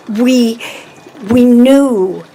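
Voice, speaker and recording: Slow-speaking wry woman giving a eulogy. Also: on the high side, warm tone, a little hiss or hum, poor audio. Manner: frank, wry, laughing. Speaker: memorial speaker. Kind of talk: personal eulogy. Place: memorial gathering.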